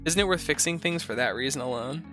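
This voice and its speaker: A man's voice: a little high, animated, fast talker, bright, forceful tone, soft background music. A man hosting a show, reading posts aloud and giving rambling, profane, sarcastic commentary in a casual chat style. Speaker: host.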